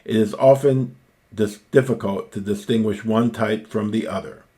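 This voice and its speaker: A man teaching ancient Greek, reading Homer slowly and stopping to explain each word. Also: fairly low pitch, steady tone, dark tone. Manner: slow, deliberate, repeats and parses each word.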